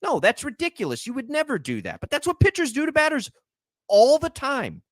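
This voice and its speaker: Young male sports radio host, emphatic and ranting, lively and somewhat high voice, dry close mic. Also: brisk, dry recording. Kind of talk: sports talk debate.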